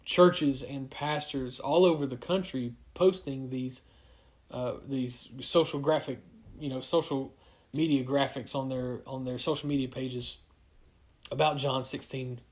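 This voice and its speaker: A man giving a casual livestreamed devotional as a youth pastor, halting with many fillers and restarts. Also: mid-range voice.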